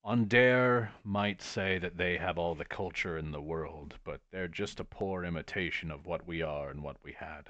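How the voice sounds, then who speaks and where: A man's voice: low-pitched, moderate pace, few pauses, fairly bright tone, no echo, highs cut off. A man voicing a wistful, loyal shifter family man who talks in a nostalgic, rambling and blunt way. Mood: advising.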